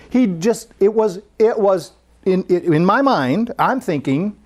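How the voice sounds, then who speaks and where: Give me a chatty storyteller with a lively voice delivering a sermon. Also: mid-range voice, unhurried. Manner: conversational, animated storyteller with frequent restarts. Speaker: speaker at a spiritual center.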